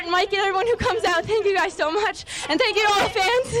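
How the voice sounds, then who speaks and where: A teenage girl race driver, tearful and breathless with excitement after a win. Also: very high-pitched, quick pace, hardly any pauses. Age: teens. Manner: breathless, excited, laughing through tears. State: tearful, emotional.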